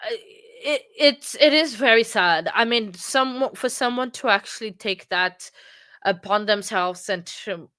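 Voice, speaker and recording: A woman hosting a true crime livestream, talking casually with many pauses, fillers and restarts. She moved to England from abroad. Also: a little high, a bit bright. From from outside England.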